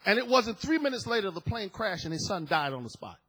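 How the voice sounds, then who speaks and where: Husky-voiced man preaching with emphatic swings. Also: high voice, very animated, brisk, low-quality recording. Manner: emphatic, swings between loud declarations and hushed asides. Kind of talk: sermon.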